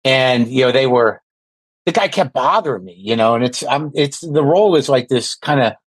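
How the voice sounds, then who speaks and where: A man's voice: mid-range voice, animated, normal speed, dry recording, low-quality recording. A man in his sixties, a podcast guest, talking in a rambling, self-deprecating way with lots of restarts. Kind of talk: casual podcast chat.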